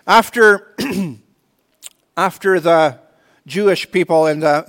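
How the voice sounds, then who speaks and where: A man's voice: high voice, a bit bright, big-room sound. A man preaching a sermon and reading scripture aloud, earnest, often restarting and repeating words. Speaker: pastor.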